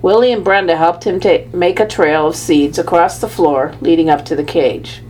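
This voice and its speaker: Woman narrator, low voice, storybook reading, faint hum behind. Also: low-quality recording. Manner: measured, lively first-person telling. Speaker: audiobook narrator.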